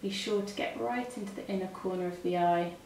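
A woman's voice: medium pitch, brisk, gravelly, darkish tone, slight background noise. A woman with a British accent, a makeup artist chatting through each step as she works. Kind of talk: makeup demonstration. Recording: echoey room, mic a bit far.

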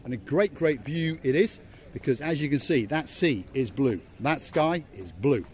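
A man's voice: mid-range voice, expressive, moderate pace, a little mellow. Jokey man giving a walking-tour commentary. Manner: jokey, playful, repeats words for emphasis. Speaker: vlog host and tour guide. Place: outdoor seaside promenade.

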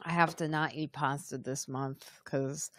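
A woman's voice: low-pitched, fairly even intonation, measured pace. A woman hosting a casual live-stream chat, chatting loosely and reading out viewer comments as they come in. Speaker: podcast host.

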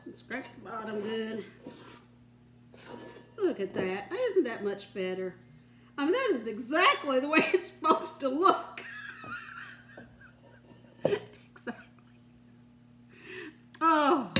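A woman's voice: high-pitched, sing-song, takes it slowly, pauses often, echoey room, noisy background. An older woman hosting a home cooking show, chatting in a folksy way and giggling often. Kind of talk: casual home cooking demonstration. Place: home kitchen.

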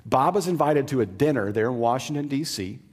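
A man's voice: mid-range voice, lively intonation, brisk, long reverb tail. A man preaching a sermon, telling a story in a conversational way with easygoing asides. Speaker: pastor.

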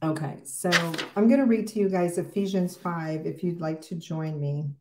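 A woman's voice: lowish voice, moderate pace, dark tone, roomy sound, slight background noise. A middle-aged woman hosting a casual morning devotional livestream, talking in an emotional, rambling way with many fillers.

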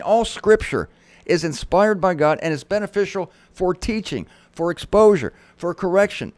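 A man's voice: sits high, a little mellow, no room sound. A middle-aged man teaching the Bible in a sermon style, reading verses aloud with dramatic emphasis and dropping casual asides. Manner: conversational asides.

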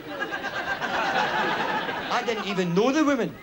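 A young man with a Scottish accent does a stand-up comedy routine. His voice sits high and bounces along. He reels off quick jokes and chuckles at his own punchlines. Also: animated, a loud crowd, very noisy. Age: young adult. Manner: quick joke-telling, chuckles at own gags.

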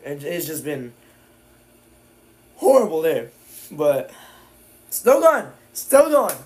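A man streaming live, casually calling the action play-by-play, with sudden excited outbursts. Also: mid-range voice, a little hiss or hum. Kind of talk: live watch-along commentary.

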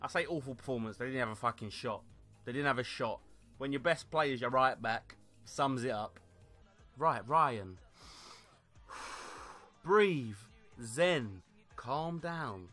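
A young man commentating live on his football video game, ranting, swearing and shouting angrily at the players. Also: mid-range voice, slow pace, soft background music. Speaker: gaming YouTuber. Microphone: desktop USB microphone.

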